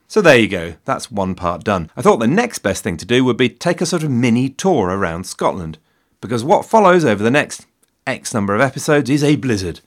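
English man in his fifties, solo history podcast host, wry, self-mocking, swooping animated delivery. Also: lowish voice. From England. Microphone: studio mic in a shed.

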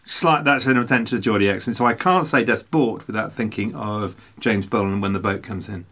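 A man's voice: on the low side, a little fast, a bit bright. A man co-hosting a podcast, chatting casually and rambling through jokey, self-mocking anecdotes. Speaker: podcast co-host.

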